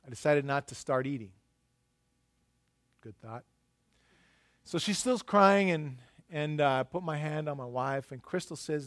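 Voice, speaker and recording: A middle-aged man preaching a sermon, telling stories and swinging between loud emphasis and hushed asides. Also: on the high side, moderate pace, pauses often. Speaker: pastor.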